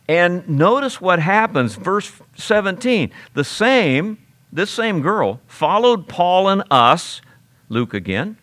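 A man preaching an expository sermon, telling the story in an animated way and briefly acting out the characters. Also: on the high side.

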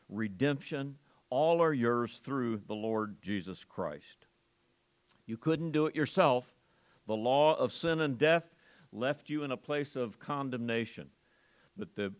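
A man preaching a sermon, reading scripture aloud and explaining it in an earnest, conversational way. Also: medium pitch.

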